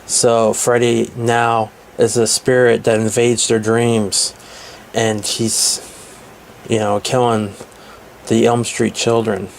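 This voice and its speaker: Slow, flat-voiced man retelling a film. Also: medium pitch, gravelly, a little hiss or hum. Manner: hesitant, many filler pauses. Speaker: movie reviewer. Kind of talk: casual plot retelling.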